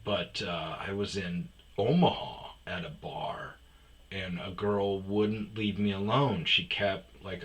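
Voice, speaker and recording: A man hosting a podcast, telling personal stories in a casual, rambling way, with frequent "uh"s and restarts, switching to a higher voice to mimic other people. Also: fairly even intonation, takes it slowly, rough recording. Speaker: podcast host.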